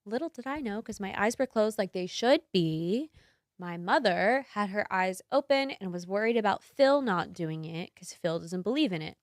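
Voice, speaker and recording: A woman in her twenties, a podcast host, telling a story in casual chat, animated and laughing, acting out the quotes. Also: mid-range voice, normal speed, dry recording, studio quality.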